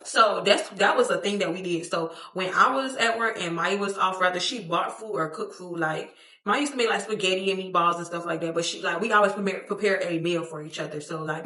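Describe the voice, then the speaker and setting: A young woman telling a storytime vlog to camera, expressive and slangy, swearing freely and acting out what people said. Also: fairly low pitch, a little fast. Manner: expressive, slangy, profane, acts out quotes, laughs often. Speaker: storytime vlogger. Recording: echoey room.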